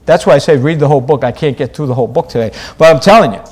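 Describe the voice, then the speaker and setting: A man preaching a sermon, stressing key phrases and repeating them, moving between loud, raised lines and quiet, low ones. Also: rapid-fire, breathy edge.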